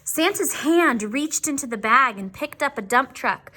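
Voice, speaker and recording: A woman teacher reading a picture book aloud to young children, with asides to them. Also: high voice. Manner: slow, expressive, with asides to the children.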